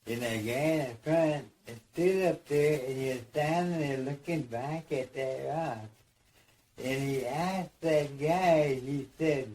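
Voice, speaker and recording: Mellow man telling a dream story. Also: mid-range voice, measured pace, low-quality recording. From United States. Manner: rambling, repeats phrases, acts out voices.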